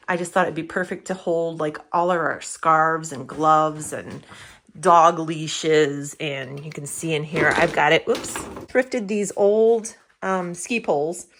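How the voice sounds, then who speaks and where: A woman's voice: fairly low pitch, fairly bright tone. A woman in her fifties chatting casually while giving a home tour, enthusiastic about her thrift finds. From United States.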